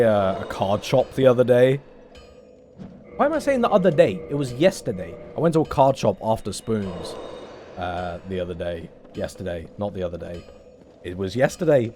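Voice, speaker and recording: A young man streams a game and chats casually with his stream chat, rambling, mocking himself and swearing often. His voice sits at medium pitch with a slightly mellow quality.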